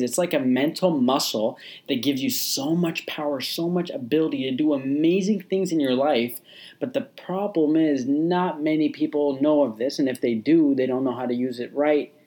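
A man's voice: on the high side, darkish tone. A man delivers a motivational podcast monologue straight to the listener. His talk is casual and repetitive, and he often restarts his sentences and leans on fillers. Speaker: podcast host.

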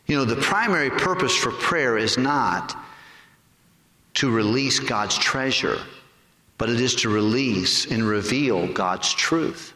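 A man preaching a sermon to his congregation. He asks them rhetorical questions and stretches key words slowly for emphasis. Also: mid-range voice, lively intonation, pushed and bright. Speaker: pastor. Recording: echoey hall with long reverb.

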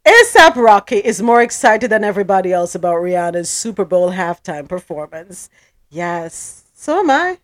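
A woman podcast host with a lively, swooping voice, recorded dry and close. She moves from reading news headlines into giggly, gossipy banter. Her pitch sits in a middle range. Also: moderate pace, no room sound. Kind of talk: casual news recap chat.

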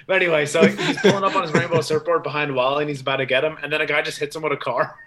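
A man's voice: a little high, fairly even intonation, very fast, a loud crowd. A man co-hosting a comic book podcast, retelling a story in a rambling, casual way with acted-out quotes. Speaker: podcast co-host.

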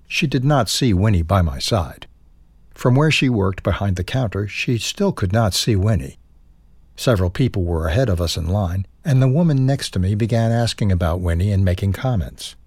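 Husky man, unhurried newsletter reading. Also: lowish voice, a little mellow, no room sound. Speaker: newsletter reader.

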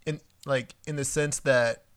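A man in casual conversation, mostly giving short agreeing replies and now and then a longer relaxed take. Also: medium pitch, unhurried, clean tone. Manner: laid-back, drops in short agreeing replies. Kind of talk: casual chat.

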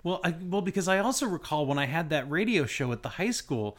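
A man's voice: fairly high pitch, big pitch swings, fairly quick, a bit bright. Easygoing man asking questions. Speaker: interviewer. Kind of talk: casual interview chat.

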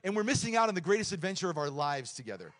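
A middle-aged man preaching a lively, joking sermon in a church, swinging between loud points and quiet asides. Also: high voice, racing. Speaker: pastor.

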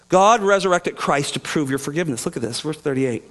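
A man preaching a sermon to his congregation, animated, acting out voices and chuckling now and then. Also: fairly high pitch, a little fast, few pauses. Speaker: pastor. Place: church sanctuary.

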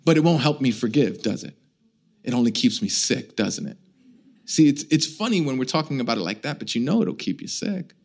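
Middle-aged guy preaching, jokey and animated, kinda high voice, keeps asking the room questions. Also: fairly quick. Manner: humorous, animated storytelling with self-mocking asides; conversational, asks the congregation questions. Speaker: pastor. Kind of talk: sermon.

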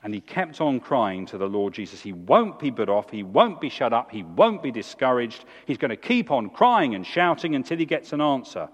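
A man, preaching a sermon in a church with emphatic, animated delivery. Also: normal speed, few pauses, muffled recording. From England. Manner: animated, emphatic preaching with big swings in pitch. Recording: long hall reverb.

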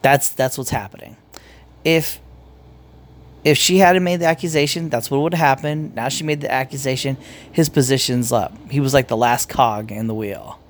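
A man's voice: medium pitch, moderate pace. A man giving casual commentary in a blunt, profane way, rambling and restarting his sentences as he goes. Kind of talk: casual opinion rant.

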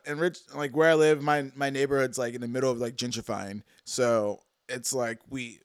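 A man's voice: medium pitch, fairly even intonation, normal speed, smooth, no echo, studio quality. A man hosting a casual chat, laid-back and slangy.

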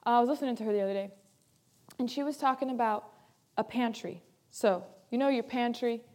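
A woman pastor preaching a sermon with emphasis, repeating key phrases and moving between loud and soft delivery. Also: a little high.

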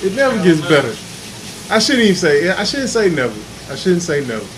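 A man chatting on a podcast, speaking emphatically and laughing between points. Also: sing-song. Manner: slow, emphatic, laughing asides. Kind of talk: casual podcast chat. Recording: background rumble and noise.

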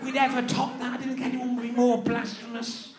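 A man's voice: extremely high pitch, completely flat delivery, fairly quick. A man voicing a petulant, vengeful male God who sputters with indignant outrage. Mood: furious. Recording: echoey venue with crowd.

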